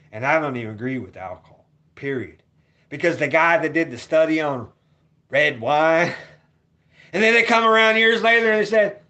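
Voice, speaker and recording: Brief: male vlogger, voice sits a bit high, profane home rant that keeps repeating itself and jumps between loud and quiet. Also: lively intonation, moderate pace. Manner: ranting, repetitive, profane, swings between loud and muttered. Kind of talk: rambling opinion rant.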